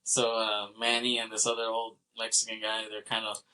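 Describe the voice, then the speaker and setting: A man's voice: lowish voice, completely flat delivery, normal speed, sharp tone, poor audio. A man co-hosting a film podcast, casually retelling scenes with lots of fillers, laughter and quoted lines. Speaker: podcast co-host.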